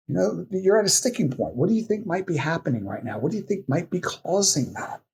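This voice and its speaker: A man's voice: high-pitched, big pitch swings, gravelly, a little mellow, breathy edge. A man who is a coaching expert, explaining his method in a podcast interview and reeling off strings of coaching questions. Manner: acts out client replies in quick asides.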